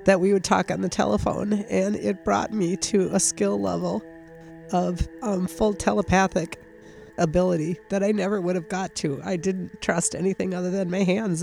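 A woman, an energy healer being interviewed, tells a personal story in a heartfelt, halting way, close to tears and full of fillers. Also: fairly low pitch, gravelly, darkish tone.

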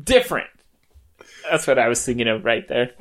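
A man's voice: mid-range voice, steady tone, fast, a bit bright. A man co-hosting a casual podcast chat, joking, laughing often and slipping into impressions. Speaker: podcast co-host.

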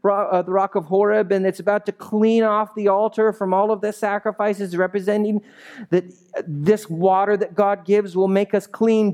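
A male pastor delivering a sermon in a church. He talks in an easy, conversational way, animated and quick to ask the congregation whether they follow. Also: sits high, clear, resonant tone.

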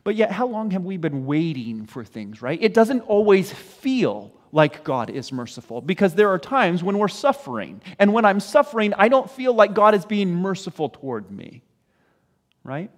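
A man's voice: high voice, very animated, moderate pace. A man preaching a sermon in an earnest way, often putting questions to his listeners. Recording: echoey hall.

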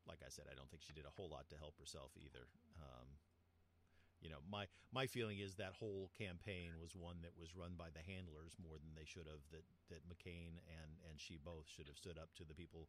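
Man, very low voice, casual podcast chat, animated storyteller. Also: a little fast. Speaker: podcast co-host.

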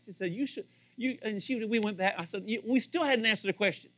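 A man's voice: high-pitched, fairly quick. A middle-aged male pastor preaching a sermon, acting out little scenes and repeating phrases for emphasis. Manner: animated, acts out dialogue, repeats phrases for emphasis.

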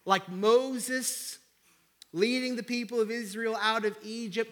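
A male pastor preaching a sermon, building with repeated rhetorical questions and then dropping to a hushed, intimate delivery. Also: high voice.

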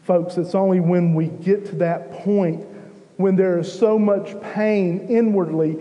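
Male pastor preaching, slightly high voice, very slow and deliberate, echoey hall. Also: steady tone, muffled recording. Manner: slow, emphatic preaching with swells of intensity. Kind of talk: sermon.

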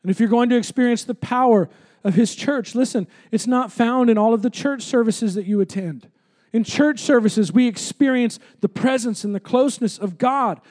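A man's voice: very high voice, moderate pace, a little mellow. A man preaching a sermon as pastor, with impassioned, emphatic repetition.

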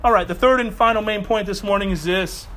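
A man's voice: high voice, fairly quick, sharp tone. A middle-aged male pastor preaching a sermon in a fired-up, conversational way with casual asides.

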